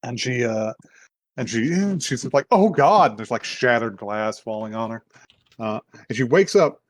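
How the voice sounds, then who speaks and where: A man chatting casually on a podcast, recapping a story in a loose, rambling way. He slips into brief put-on voices for the characters and laughs along the way. His voice sits at a middle pitch, recorded close and dry. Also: moderate pace, no room sound. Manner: rambling retelling with put-on quotes, many fillers and laughs. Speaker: podcast co-host. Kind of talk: casual chat recapping an anime.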